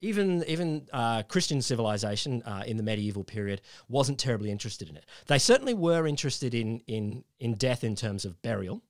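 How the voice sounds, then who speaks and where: An Australian man co-hosting a casual science podcast, explaining history in a halting way with many ums and restarts. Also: mid-range voice, very animated, no echo, studio quality. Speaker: podcast co-host.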